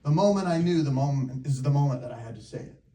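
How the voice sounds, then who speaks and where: A man, a real estate coach, telling a story to a live audience with laughs and lively asides. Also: on the high side, quick pace, roomy sound, far from the mic. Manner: animated, laughing, talks to the crowd.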